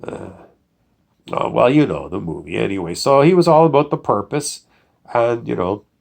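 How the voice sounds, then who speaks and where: A man's voice: medium pitch, expressive, moderate pace, vocal fry, a little mellow. A man, a producer, talking in a casual, digressive monologue full of fillers and lost threads. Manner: digressive, loses his train of thought, many fillers.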